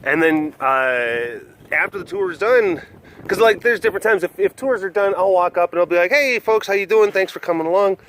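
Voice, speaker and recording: A man's voice: on the high side, fairly bright tone, slight background noise. A man vlogging outdoors at an animal sanctuary while walking, talking in a rambling, casual way and chuckling often. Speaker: vlogger at a big cat facility.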